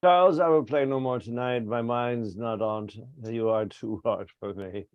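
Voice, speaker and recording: A man reading the part of a commanding but troubled king in an amateur Shakespeare reading, with brisk delivery. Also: medium pitch, dry recording, muffled recording, natural voice. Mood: dismissive. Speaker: reader in a play reading.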